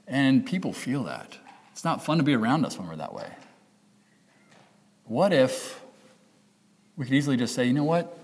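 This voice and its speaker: A man's voice: medium pitch, big pitch swings, moderate pace, long pauses, slightly rough, in a large hall. A man preaching a sermon as pastor, talking in a conversational way, correcting himself and acting out the voices in people's heads. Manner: conversational, self-correcting, acts out quoted inner voices.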